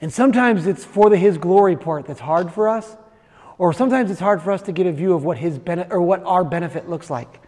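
A man's voice: sits high, brisk, warm tone. A man preaching a sermon, retelling a story with acted-out voices and then speaking directly to the congregation. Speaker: pastor. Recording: long reverb of a large hall.

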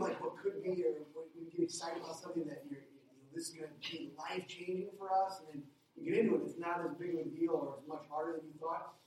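A middle-aged man, a pastor, preaching a sermon with a lively personal story, his voice climbing when he gets excited. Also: distant mic. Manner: animated storytelling, jumps higher when excited. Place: church hall. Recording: echoey hall, heard from afar.

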